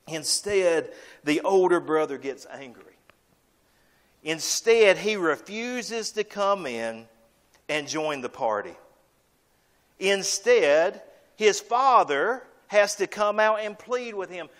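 Male pastor, emphatic preacher who repeats lines, a touch high-pitched. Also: sing-song, takes it slowly, a bit bright. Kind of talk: sermon.

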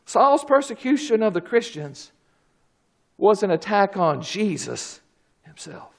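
A man preaches a sermon in a very high, gravelly voice, taking his time over each phrase. He drops into quiet asides and then bursts into shouted exclamations, calling out praises along the way. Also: very animated, unhurried. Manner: calls out "glory, hallelujah".

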